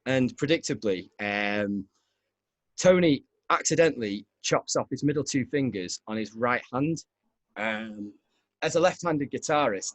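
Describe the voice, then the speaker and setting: A man's voice: mid-range voice, no echo. A man hosting a podcast, telling a rambling story in casual chat, often laughing. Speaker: podcast host.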